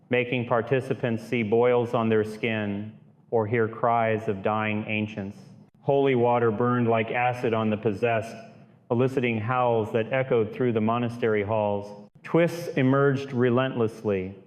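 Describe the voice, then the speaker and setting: A man narrating a true-crime style horror audiobook in a steady, grave storytelling voice. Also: mid-range voice.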